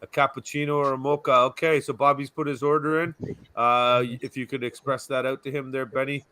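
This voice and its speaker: A man's voice: medium pitch, little pitch movement, a little fast, bright, forceful tone, clear, resonant tone. A man in his forties hosting a casual live stream, chatting and greeting viewers by name.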